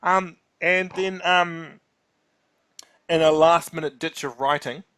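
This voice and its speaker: A man with a slightly higher voice chats casually as a podcast co-host. He is animated and keeps slipping into acted-out quotes with laughing asides. It is an easygoing conversation between friends. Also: slow pace, smooth. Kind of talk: casual chat.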